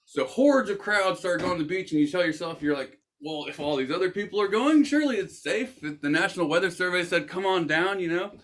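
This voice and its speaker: A young man hosting a casual podcast, his voice sitting a little high. He talks animated, swearing freely and leaping into quoted voices as he spins a scenario for his friends. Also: fast, hardly any pauses. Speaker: podcast host. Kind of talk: casual storytelling.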